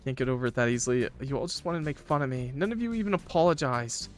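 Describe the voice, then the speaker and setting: A man reading the lines of a timid, sensitive young woman in a game, in a quiet, subdued way. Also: medium pitch, expressive, fast, faint music behind, close to an everyday voice. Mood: hurt.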